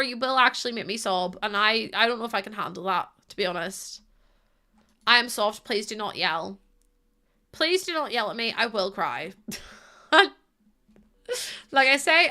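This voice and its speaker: A woman's voice: medium pitch, animated, moderate pace, bright, forceful tone. Giggly young woman streamer. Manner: giggly, playfully scolding her chat. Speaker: live streamer. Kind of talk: casual live-stream chat. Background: faint music.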